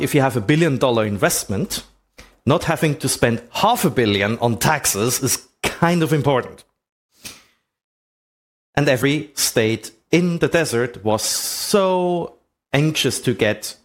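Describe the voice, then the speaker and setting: Man with a lively, swooping voice. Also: mid-range voice. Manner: rhetorical questions, conversational. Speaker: presenter. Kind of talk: explanatory talk with slides.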